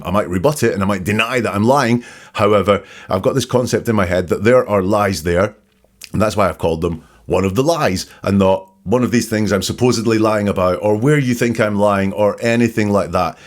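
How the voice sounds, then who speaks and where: A man hosting a commentary, methodically breaking down the words of an interrogation. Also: lowish voice. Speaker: host and analyst. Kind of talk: analytical commentary.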